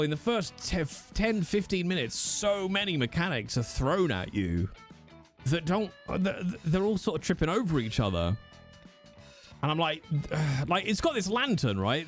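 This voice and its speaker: Chatty guy in his 30s on a livestream, voice jumps all over, a bit of music under him. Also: on the high side. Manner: animated, swearing, chatty with viewers. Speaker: streamer. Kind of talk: casual livestream chat. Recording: faint music behind.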